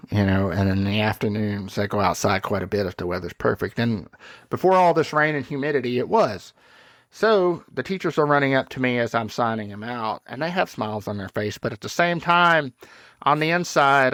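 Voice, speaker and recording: A man's voice: medium pitch, a bit bright, dry recording. A man in his thirties talks through his parenting stories in a loose, chatty way, often chuckling at his own mishaps. His voice sits in an ordinary middle register. The sound is close and dry, with no room around it. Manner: chatty, self-deprecating, laughs at own stories. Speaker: podcast host. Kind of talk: casual storytelling monologue.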